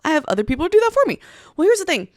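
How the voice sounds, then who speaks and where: A young woman in her twenties, co-hosting a casual chat and telling a profane, animated story with acted-out quotes. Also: extremely high pitch, racing, no room sound. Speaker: co-host.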